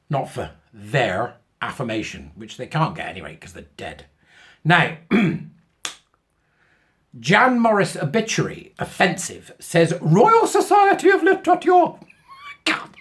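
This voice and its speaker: A man's voice: medium pitch, sing-song, unhurried, long pauses, a bit bright. A man hosting his own channel, talking in a sarcastic, mocking way with frequent asides. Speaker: channel host. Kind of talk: casual commentary.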